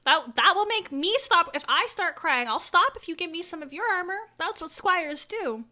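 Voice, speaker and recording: Woman doing a young boy, high-pitched, lively, pleading, tabletop game character. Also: moderate pace, full character voice. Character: young human boy, anxious and eager to help.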